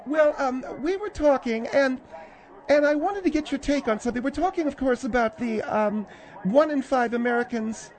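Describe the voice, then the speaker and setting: A man puts on a fussy, prim middle-aged woman with a very high voice. She talks haltingly and takes offense easily. It plays like a comedy radio sketch.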